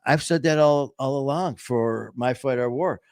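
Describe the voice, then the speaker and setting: A man's voice: medium pitch, normal speed, a little mellow, clean tone, dry recording, studio quality. Rambling upbeat man hosting a podcast. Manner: rambling, self-interrupting, upbeat. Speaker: podcast host. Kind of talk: casual chat.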